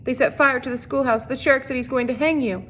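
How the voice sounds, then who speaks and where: A woman's voice: high-pitched, steady tone, fast, fairly bright tone, slight background noise, voice pushed up. A woman reading aloud voices a frightened young schoolteacher, pleading urgently and out of breath.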